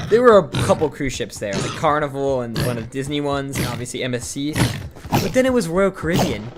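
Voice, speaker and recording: A man's voice: a little high, expressive, normal speed. Rambling young man telling a story. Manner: rambling, full of "like" fillers and restarts. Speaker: streamer. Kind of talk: rambling storytelling while gaming. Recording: noisy home stream mic with clicks.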